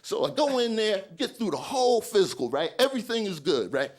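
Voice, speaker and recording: High-voiced man telling a stand-up story. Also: a little fast. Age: 40s. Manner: animated, acts out voices, keeps asking "right?". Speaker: stand-up comedian.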